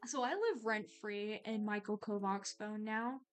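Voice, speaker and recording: A young adult woman chatting casually while she draws on stream, excitable and gushing, rambling with lots of fillers. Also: mid-range voice, measured pace, clear, resonant tone, faint music behind. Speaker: art streamer. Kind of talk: casual chat while drawing.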